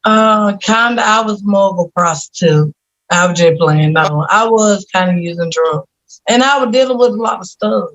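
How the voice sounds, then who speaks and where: A woman's voice: mid-range voice, moderate pace, a bit bright, muffled recording. A woman on a video coaching call who talks candidly in slang, close to tears. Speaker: coaching client. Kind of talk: emotional group coaching call.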